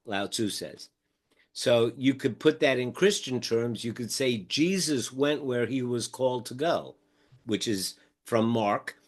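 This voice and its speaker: An older man telling stories in a relaxed interview, acting out quoted conversations as he goes. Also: mid-range voice. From United States. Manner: animated storyteller acting out quoted dialogue. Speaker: podcast guest, mindfulness teacher. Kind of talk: casual storytelling interview.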